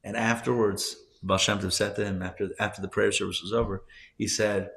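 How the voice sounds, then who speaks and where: Conversational rabbi teaching a live class. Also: male voice, fairly low pitch, fairly even intonation, brisk, gravelly. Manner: conversational, wandering asides and self-corrections; swings between loud emphasis and soft hushed moments. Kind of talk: live class lecture with storytelling. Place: class room at a community center.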